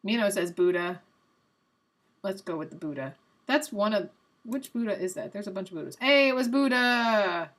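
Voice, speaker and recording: A young adult woman hosting a live stream, chatting casually and guessing out loud while she plays a quiz game, a little self-mocking. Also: mid-range voice, animated, normal speed.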